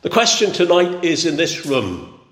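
A man preaches in a long, echoing hall. His voice sits high and swings widely in pitch. He builds emphasis through steady, repeated phrases. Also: a little slow. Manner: emphatic, repetitive preaching cadence. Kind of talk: sermon. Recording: echoey hall.

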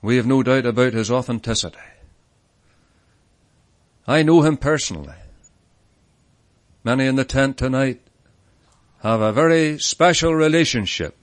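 A man's voice: medium pitch, no room sound. A man preaching a sermon at an evening tent meeting, earnest and emphatic, leaning hard on key words.

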